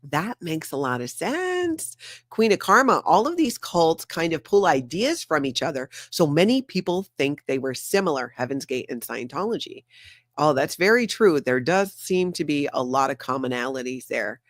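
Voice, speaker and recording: A woman's voice: low voice, big pitch swings, normal speed, dry recording, studio quality. A woman hosting a casual livestream, chatting and reading out viewer comments. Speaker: host.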